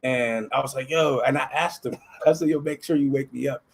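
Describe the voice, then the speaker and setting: A man hosting a casual podcast interview. He tells lively stories, laughs often and swears freely. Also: medium pitch, brisk, vocal fry, husky. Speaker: podcast host.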